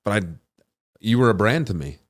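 A man's voice: fairly low pitch, sing-song, brisk. A man hosting a podcast interview, casual and affirming. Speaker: podcast host.

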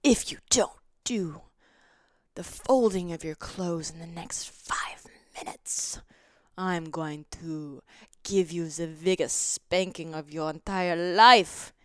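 A woman voicing a stern, teasing female dominatrix with a slow, low, half-whispered threat. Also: a bit bright, dry recording, studio quality. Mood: mock menacing.

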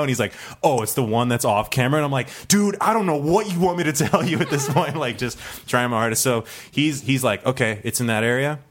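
A man telling a long true story with many fillers, laughing now and then and acting out the other people in it. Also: lowish voice. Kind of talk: storytelling for a live audience.

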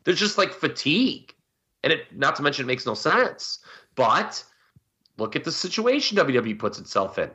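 A man's voice: fairly high pitch, very animated, moderate pace, sharp tone, lo-fi sound. A man co-hosting a casual podcast, giving emphatic, rambling opinions. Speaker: podcast co-host. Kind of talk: casual wrestling podcast chat.

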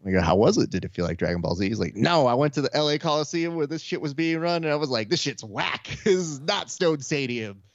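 A man's voice: a little high, fast, hardly any pauses, dry recording, highs cut off. A man co-hosting a podcast, telling loose, profane stories and acting out the voices of people he quotes. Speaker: podcast co-host. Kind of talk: casual chat.

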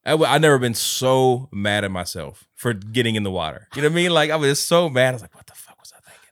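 A man's voice: mid-range voice, animated, fast talker, a bit bright. A young man co-hosting a podcast, telling a story full of swearing and frequent laughter. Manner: profane storytelling, laughs often. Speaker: podcast co-host. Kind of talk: casual chat.

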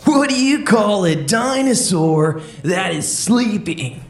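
A woman voicing a laid-back young male surfer who tells jokes slowly for a children's stand-up podcast. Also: medium pitch, heavily acted. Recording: roomy echo.

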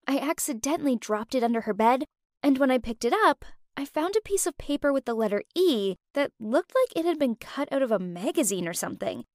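A woman voicing a glamorous young woman who talks hesitantly, with dramatic pauses. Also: high-pitched, lively intonation, darkish tone, no echo, clean studio sound. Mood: insinuating. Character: glamorous young woman, model, secretly in love.

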